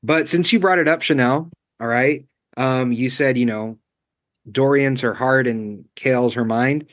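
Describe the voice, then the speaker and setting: A man's voice: mid-range voice, unhurried, no room sound, clean studio sound. A man co-hosting a casual book club discussion, chatty and full of "you know" and "um" as he thinks aloud.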